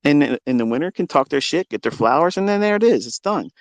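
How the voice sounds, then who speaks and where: A man's voice: fairly high pitch, expressive, fast talker, no echo. A trading educator, a man, giving a profane, boastful, combative rant to his livestream viewers.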